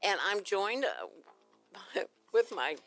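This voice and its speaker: A woman's voice: medium pitch, animated, drawn-out words, fairly bright tone, faint music behind. An older woman, hosting a casual radio talk show in a chatty, teasing way.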